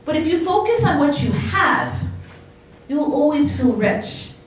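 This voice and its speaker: A fairly high-voiced woman delivering a religious talk to a live audience, drawing listeners in with questions as she goes. Her voice carries from a distance through a very echoey hall, with faint background noise. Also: big pitch swings, measured pace. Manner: engaging, asks the audience questions. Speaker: Islamic lecturer.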